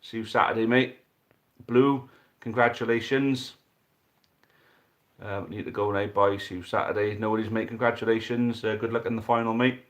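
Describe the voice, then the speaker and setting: A young man hosting and commentating a dice football tournament, chatty and excitable, swearing casually. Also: fairly low pitch, normal speed, pauses often. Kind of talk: live commentary and casual chat.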